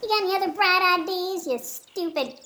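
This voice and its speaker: A woman voicing a shrill, snide snob who hurls insults. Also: moderate pace, pushed and bright.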